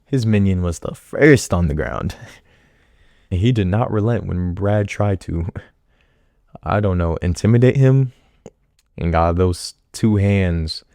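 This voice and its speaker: Male commentator, casual reaction talk, low voice with lively swings, jokey and slangy. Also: takes it slowly, creaky, long pauses, no echo, clean studio sound. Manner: animated, joking, laughing, slangy.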